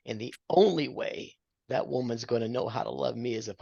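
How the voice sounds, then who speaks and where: An older man gives earnest, preacherly counsel to a married couple and pokes fun at himself along the way. His voice has a gravelly rasp and sits close and dry in the mic. The recording is dull and lo-fi. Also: mid-range voice, brisk, mellow, no echo. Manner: earnest, preacherly, self-deprecating. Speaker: marriage mentor. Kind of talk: counseling talk with scripture.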